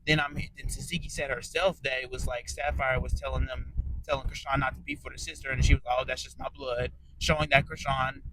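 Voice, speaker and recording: A man with a bright, forceful voice sitting a little high in pitch, recapping a reality show in a loose, profane rant. He talks bluntly and tends to drift into quiet mumbles between points. A faint noise sits under the recording. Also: rough recording. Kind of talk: casual audio recap.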